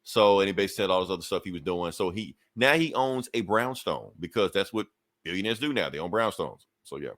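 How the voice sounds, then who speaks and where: Man, casual comic recap, low voice, dry recording, profane, loose asides. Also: lively intonation, fast, fairly bright tone, no echo. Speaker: podcast co-host reviewing comics.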